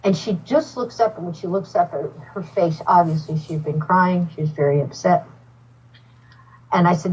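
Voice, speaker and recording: Husky woman telling a spooky story. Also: lowish voice, moderate pace, far from the mic, dull audio. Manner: animated storyteller, acts out dialogue. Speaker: podcast guest, psychic medium. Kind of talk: casual storytelling interview.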